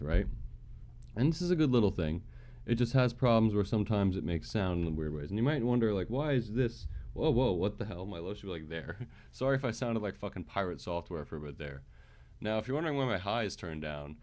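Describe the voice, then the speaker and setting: A man's voice: deep voice, lively intonation, fast talker, a little mellow. A man streaming live from his computer setup, walking viewers through fixing his microphone in a chatty, casual way that is full of fillers and check-ins with the audience. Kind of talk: casual livestream tech walkthrough. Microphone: USB microphone with headset monitoring.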